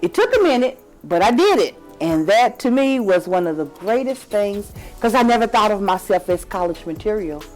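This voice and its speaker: An older woman tells family stories in a casual chat. Her pitch swings widely as she acts out voices, with faint music underneath. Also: sing-song, normal speed, few pauses, a little mellow. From Kentucky. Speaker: grandmother of the host.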